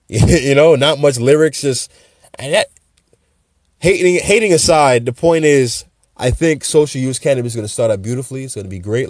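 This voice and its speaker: A man hosting a podcast in a casual monologue, animated and joking, with laid-back asides. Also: medium pitch, no echo, studio quality. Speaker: podcast host.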